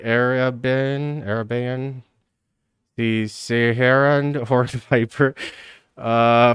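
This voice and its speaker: A man's voice: medium pitch, fairly bright tone, smooth, dry recording, studio quality. A man streaming live, chatting casually to his viewers, swearing freely and rambling between bursts of laughter. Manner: profane, rambling, laughs a lot.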